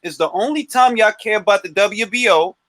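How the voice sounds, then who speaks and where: A man co-hosting a casual boxing talk livestream, animated and repeating himself for emphasis. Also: high-pitched, a little fast, no room sound. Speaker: boxing show co-host.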